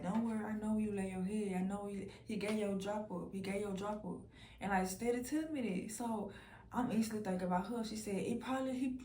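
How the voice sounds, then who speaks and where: A young woman with telling a personal story to her viewers, animated and blunt, acting out other people's lines in a lower voice. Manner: animated, quotes others in a low voice, profane. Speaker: vlogger. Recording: roomy and distant from the mic, faint background noise.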